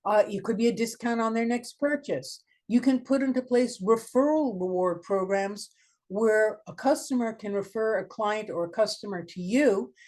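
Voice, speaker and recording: Woman presenter for a small-business webinar, direct and emphatic, mid-pitched voice, peppers the talk with rhetorical questions. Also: normal speed, darkish tone. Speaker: marketing consultant, guest speaker.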